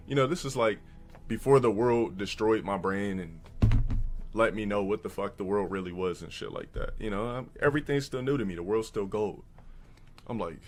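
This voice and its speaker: A man live-streaming, telling crude stories and giving blunt advice to his chat, often mimicking others in a high, put-on voice. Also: a little fast, faint music behind.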